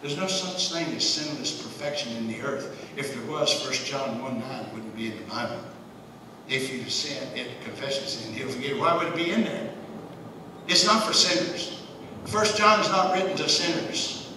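A man's voice: mid-range voice, moderate pace. A man teaching an informal church Bible study in a folksy, conversational way, chuckling often. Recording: echoey room, distant mic, faint hiss.

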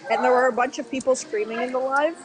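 A woman's voice: high voice, steady tone, fast. A young woman from the Netherlands, a Dutch speaker, hosting a casual livestream, rambling and laughing as she answers viewer comments. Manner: chatty, rambling, laughs often, restarts sentences. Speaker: livestream host.

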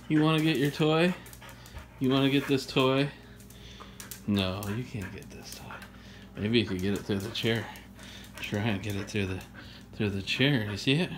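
A man's voice: mid-range voice, lively intonation, moderate pace, long pauses, slight background noise. A man vlogging casually, playfully teasing his dog and laughing often. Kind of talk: casual vlog chat.

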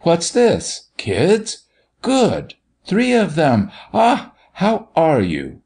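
A man voicing a blustering country doctor who booms in feigned rage to amuse children, in a storybook reading. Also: very animated, unhurried, darkish tone. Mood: mock-furious. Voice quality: big booming voice, feigned rage. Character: blustering middle-aged male country doctor, mock-fierce.

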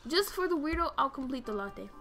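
A woman's voice: high voice, brisk, soft background music. A woman streaming a game, chatting casually, reading orders aloud and swearing when things go wrong. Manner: excitable, swears, reads game dialogue aloud. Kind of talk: casual gameplay commentary.

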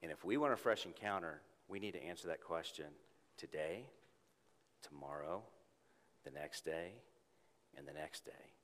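A man preaching a sermon in church, earnest, rising to emphatic peaks and dropping to a soft hush. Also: low-pitched, moderate pace, long pauses. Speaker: pastor. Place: church sanctuary with congregation. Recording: long hall reverb.

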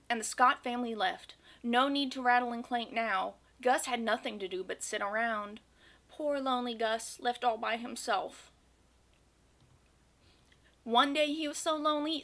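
A woman reads a children's picture book aloud, gentle and expressive, taking her time over each line. Her voice is bright and sits a little high. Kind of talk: children's storybook read-aloud.

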